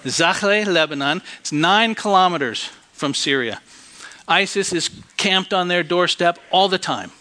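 Guy preaching, bright fairly high voice, tells stories, goes quiet then loud. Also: unhurried. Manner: storytelling, varies volume from hushed to loud. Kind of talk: sermon.

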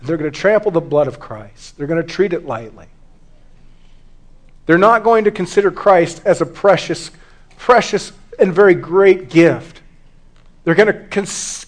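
A middle-aged man preaching from the pulpit in a notably high voice. He drops to a hushed near-whisper in reflective moments, then climbs into loud, fervent urgency as he presses his point. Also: expressive, measured pace. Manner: swings from hushed, quiet confession to loud, fervent exhortation. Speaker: pastor. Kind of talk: sermon.

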